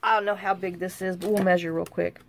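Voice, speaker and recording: A woman hosting a casual crafting tutorial. She thinks aloud in a rambling, chatty way and often drops into quiet muttering to herself as she works. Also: on the low side, little pitch movement, quick pace, slight background noise. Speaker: crafting channel host.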